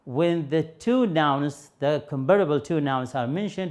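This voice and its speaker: A man with an Arabic accent teaching English grammar on television, explaining slowly and patiently with fillers and repeated examples. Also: a little high, a little mellow. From Yemen. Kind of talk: TV grammar lesson.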